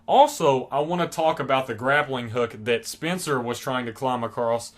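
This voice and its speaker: A young man talks at an ordinary, mid-range pitch in an excited, gushing way. He rambles through his thoughts and leans on plenty of fillers. He sounds like a casual solo reviewer speaking straight to his viewers. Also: moderate pace. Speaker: TV episode reviewer.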